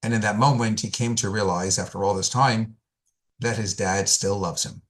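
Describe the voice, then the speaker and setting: A male rabbi delivering a sermon, telling stories with emphatic repetition and deliberate pauses. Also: fairly low pitch, steady tone.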